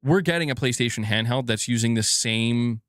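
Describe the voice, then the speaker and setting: A man's voice: medium pitch, moderate pace, fairly bright tone, dry recording, studio quality. A man hosting a casual gaming news live stream, rambling and swearing as he reads viewer comments aloud.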